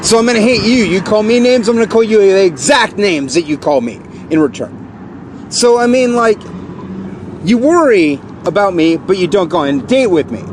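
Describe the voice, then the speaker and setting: A man in his forties ranting angrily to camera, repeating accusations and working himself up into shouted outbursts. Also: sits high, animated, normal speed, slight background noise. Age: 40s. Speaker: vlogger. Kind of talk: angry rant to camera.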